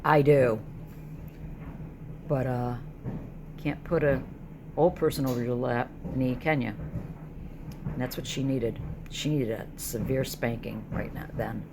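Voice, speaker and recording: A woman's voice: extremely low pitch, steady tone, measured pace, pauses often. A middle-aged woman recording a personal video diary, talking through her worries in a distressed way. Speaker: vlogger. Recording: noisy background.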